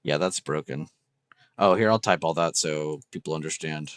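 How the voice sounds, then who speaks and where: A man's voice: rumbling low, normal speed, dry recording. A young man hosting a trading livestream, chatting casually and enthusiastically with viewers, swearing freely. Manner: casual, profane, enthusiastic, reacting to chat.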